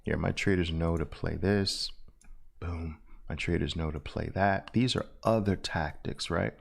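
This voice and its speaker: A middle-aged man teaching a trading lesson over a screen share, animated and repetitive, with loud "boom" exclamations. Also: moderate pace, creaky. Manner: animated, punctuates with loud "boom" and repeats phrases. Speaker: trading instructor.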